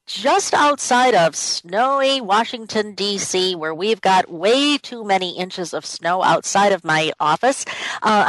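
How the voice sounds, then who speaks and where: A woman's voice: medium pitch, a bit bright, no echo, low-quality recording. A woman hosting a radio talk show from her office, speaking conversationally and repeating her key points for emphasis. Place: home office.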